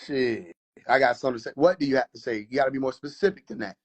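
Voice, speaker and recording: A man's voice: medium pitch, fast talker, husky. A man hosting a live stream, boisterous and mocking in a casual rant, laughing often. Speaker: livestream host.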